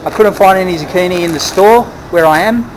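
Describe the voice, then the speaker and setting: A man's voice: sits high, a little fast, noisy background. A man vlogging on the road, talking casually in a rambling way and repeating and restarting his phrases. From Australia. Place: on the road near his van, outdoors.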